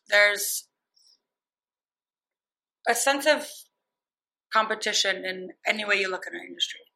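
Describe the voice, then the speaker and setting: Lively gravel-edged woman on a podcast. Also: mid-range voice, rough recording. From Ohio, USA. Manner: animated, chatty and self-mocking, laughs often. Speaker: podcast guest, licensed cosmetologist working as a barber. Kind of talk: casual podcast interview. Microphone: close studio microphone.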